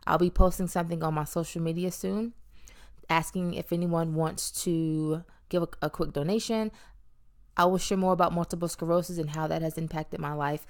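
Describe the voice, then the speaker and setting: Speaking at a normal speed with a steady tone, a lower-voiced woman candidly reflects on how she lost weight. Her vlog monologue is chatty and thoughtful, peppered with frequent ums and playful stresses on words.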